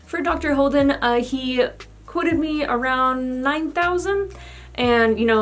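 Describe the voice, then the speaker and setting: A young woman giving a casual vlog update, chatty and candid with lots of fillers, a little out of breath. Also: on the high side. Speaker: vlogger.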